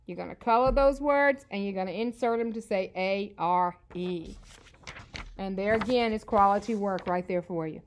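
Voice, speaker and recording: A woman's voice: medium pitch, a little hiss or hum. A woman teaching an early reading lesson to young children, spelling out words letter by letter in an upbeat, encouraging way. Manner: slow, clear spelling out of letters.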